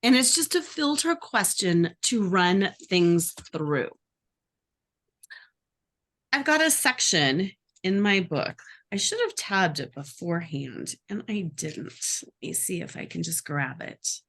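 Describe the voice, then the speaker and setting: A life coach teaching a workshop, lively and acting out the voices she describes. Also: fairly low pitch, slow. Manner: animated, acts out inner voices.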